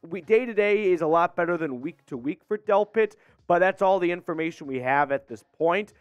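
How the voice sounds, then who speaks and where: A man's voice: high voice, expressive, a little fast, smooth, dry recording, dull audio, faint music behind. Congested man hosting sports news. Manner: conversational, explains with asides and questions. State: congested from a cold. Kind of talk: casual sports news commentary.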